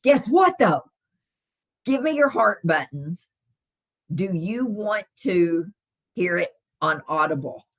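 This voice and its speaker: A woman's voice: fairly low pitch, very animated, slow pace, pauses often. A middle-aged woman with a Southern US accent, hosting a casual wellness live stream, chatting with viewers and answering their comments with many fillers.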